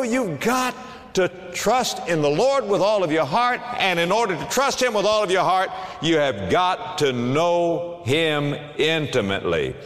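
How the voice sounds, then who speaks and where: Animated preaching man in a reverberant hall. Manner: animated preaching with big pitch swings and emphatic bursts. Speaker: pastor. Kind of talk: sermon.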